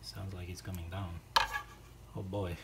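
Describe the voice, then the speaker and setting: A man's voice: deep voice, level tone, a little slow. A man hosting a home cooking video, chatting casually to himself and his dog as he works. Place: home kitchen. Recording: loud kitchen noise throughout. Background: chopping, clinking dishes and cutlery.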